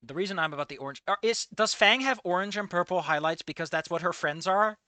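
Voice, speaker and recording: A streamer reacting to a fan comic in casual live commentary, excitable and swearing, jumping between shouted outbursts and low muttering. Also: fast, dry recording.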